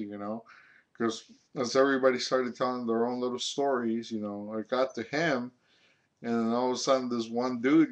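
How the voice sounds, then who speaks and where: A young man telling a story from his own life in a rambling, casual way, full of filler words and swearing. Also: mid-range voice.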